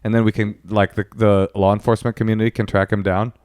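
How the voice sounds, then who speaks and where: A man co-hosting an advice podcast over a video call, making deadpan jokes in a casual chat. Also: lowish voice, fast talker, clear, resonant tone, dry recording, clean studio sound. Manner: joking, deadpan asides. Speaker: podcast co-host.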